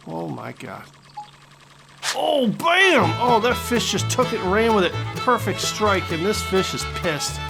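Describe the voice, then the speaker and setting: A man hosting a video game channel, commentating gameplay with excitable, joking trash talk, over guitar music. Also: a little high, gravelly. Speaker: gaming channel host.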